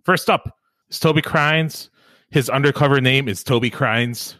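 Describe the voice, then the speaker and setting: Bright-voiced joking podcast host man. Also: mid-range voice, unhurried, no echo, clean studio sound. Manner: jokey, playful, introduces guests. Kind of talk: casual chat.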